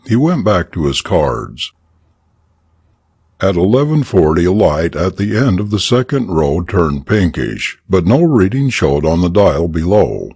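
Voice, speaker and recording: A man narrating a story for English learners in an expressive, deliberate reading. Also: low-pitched, husky, no room sound.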